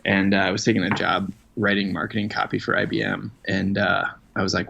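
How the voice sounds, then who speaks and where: A man's voice: fairly low pitch, level tone, normal speed, creaky, hardly any pauses, bright, forceful tone, a little hiss or hum. A man being interviewed as a guest, talking in a casual, self-deprecating, rambling way with lots of fillers. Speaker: guest, outdoor writer. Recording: dull lo-fi sound.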